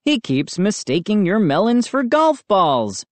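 An easygoing, wisecracking dad, as a woman reads him aloud. He jokes in a lively, unhurried voice. He uses little change from an everyday voice. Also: mid-range voice, dry recording, pitched above the performer's own voice. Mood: joking. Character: joking, easygoing family dad.

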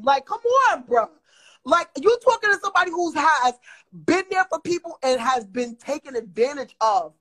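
A woman's voice: very high-pitched, lively intonation, fairly quick, fairly bright tone, rough recording. A woman with a Brooklyn New York accent, bluntly and profanely lecturing someone during a heated livestream rant.

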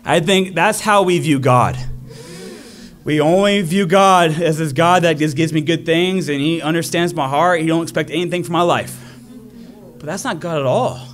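A man's voice: fairly high pitch, moderate pace, soft background music. A man preaching a sermon, telling a story with energy and acting out the crowd's voices.

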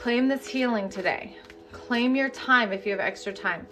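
A woman energy healing coach leading a live-streamed session, talking candidly and bluntly, then turning to slow, repeated guided affirmations. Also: a little high, sharp tone, faint music behind. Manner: candid, chatty and profane, then slow incantatory guidance.

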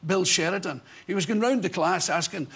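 A Scottish man in his sixties, a talk show guest telling comic stories in an animated way and acting out the voices. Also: high voice, brisk, husky. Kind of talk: anecdotal storytelling on a chat show.

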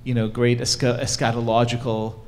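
A man giving a storytelling talk to a live audience at a cultural event, animated and casual, with fillers. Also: mid-range voice, a little fast. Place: event hall stage.

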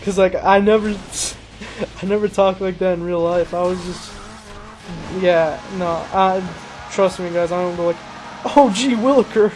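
A man's voice: sits high, unhurried, low-quality recording. A young man rambling casually while commentating his racing game playthrough, joking about himself and exclaiming at the action. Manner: rambling, self-mocking, easily excited exclamations. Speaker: gameplay commentator. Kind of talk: casual let's-play commentary. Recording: game music and engine noise behind. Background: racing game music and car sounds.

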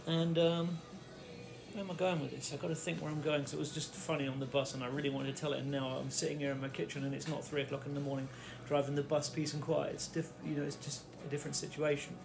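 A middle-aged man with a fairly high voice tells a childhood story, drifting and circling back on himself. He talks casually from his kitchen, with faint music from a radio behind him. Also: flat delivery, fast talker, creaky. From the Fens, England. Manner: rambling, self-interrupting storyteller. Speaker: vlogger. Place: home kitchen.

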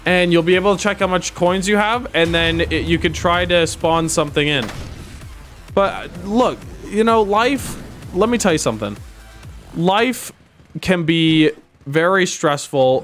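A young man streaming a game live, commenting excitedly and yelping and shouting when things go wrong. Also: fairly high pitch.

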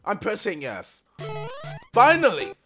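Young man, very high pitch, bright sharp tone, exasperated gaming commentary, swearing. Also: wildly swooping pitch, slow, soft background music. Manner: exasperated, swearing, shouting at the game. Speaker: gamer. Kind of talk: let's-play commentary.

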